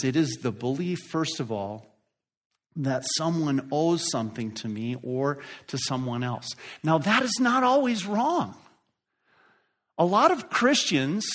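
A middle-aged male pastor preaching a sermon, emphatic and building in force at key points. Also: a little high. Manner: slow, emphatic preaching that rises and drops in force.

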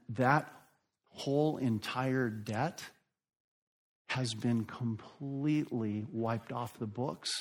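A middle-aged male pastor preaching a sermon, emphatic and building in force at key points. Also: mid-range voice. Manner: slow, emphatic preaching that rises and drops in force.

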